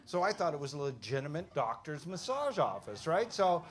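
A Canadian stand-up comedian in his fifties telling stories with lots of swearing and quick asides to the audience. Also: a little high, sing-song. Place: comedy club stage with audience. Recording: noisy club recording. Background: audience laughter and room noise.

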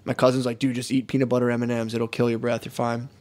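Fast-talking man telling crude stories. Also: mid-range voice, completely flat delivery, darkish tone, slight background noise. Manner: rapid rambling anecdotes, heavy swearing, breaks into laughter. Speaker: podcast co-host. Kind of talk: casual storytelling chat.

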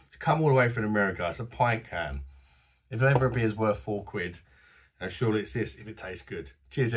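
A man with a husky voice, casually reviewing a beer to camera in a chatty, enthusiastic, slangy way, his voice going a bit hoarse. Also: on the low side. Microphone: phone camera.

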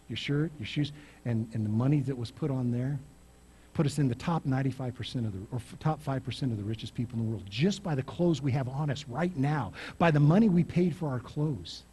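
A male pastor preaching a sermon, telling stories with loud, emphatic rises. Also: medium pitch, slight background noise.

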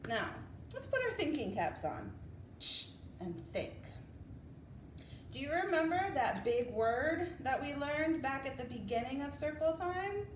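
A young woman leading circle time for preschoolers as their teacher, talking slowly in a sing-song, coaxing way. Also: sits high, very animated, roomy sound, a little hiss or hum. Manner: slow, sing-song, coaxing children to repeat.

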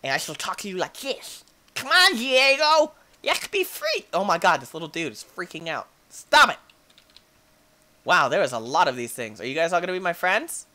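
An excitable man gives Let's Play commentary, swooping between squeals and soft baby talk. His voice sounds bright and sharp, and his pitch jumps all over. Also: brisk. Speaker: gaming channel host.

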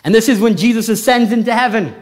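A man preaching a sermon as pastor, telling the story with animated swings from loud to hushed. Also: extremely high pitch, fast talker, big-room sound. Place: church sanctuary.

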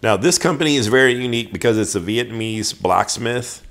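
A man's voice: mid-range voice, animated, fairly quick, a bit bright. A man hosting a show, giving a casual, chatty product review full of ums and restarts. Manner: chatty, filler-heavy, restarts sentences.

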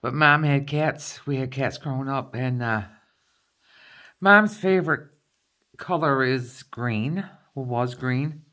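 Taking it slowly, a middle-aged woman with a very deep, slightly bright voice vlogs as she opens a craft kit. Her unboxing is chatty, walking through every item one step at a time.

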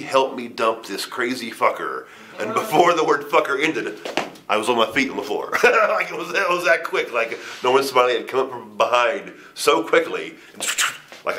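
Speaking as an interview guest, a middle-aged wrestler relates a story informally, swearing often, laughing and stammering through restarts. His voice is medium in pitch and pushed and bright, and a little background noise can be heard.

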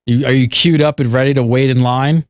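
A man's voice: medium pitch, steady tone, no room sound. Joking man hosting a gaming podcast. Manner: joking, quick-talking, playfully teasing. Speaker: host. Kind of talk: casual gaming podcast chat.

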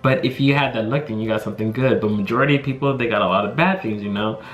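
A man's voice: lowish voice, fast, a bit bright, soft background music. A young man from the United States telling a casual storytime to camera, rambling with many fillers like "you know" and "like". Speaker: vlogger. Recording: echoey room.

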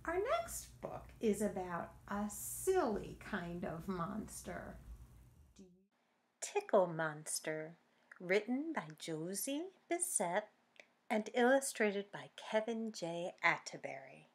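A woman reading picture books aloud at a library storytime. She speaks very slowly in an animated, sing-song way, and her voice has a soft, breathy edge. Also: medium pitch. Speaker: children's librarian.

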